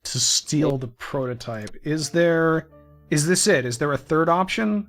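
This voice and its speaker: A man co-hosting a game playthrough, thinking aloud in casual chat with halting restarts. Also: a little high, a bit bright, faint music behind. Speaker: let's play co-host. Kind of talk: casual let's play discussion.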